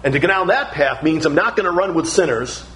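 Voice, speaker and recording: A man's voice: on the high side, lively intonation, brisk, a bit bright, a little hiss or hum, poor audio. A middle-aged man preaching a sermon, emphatic and building through repeated phrases.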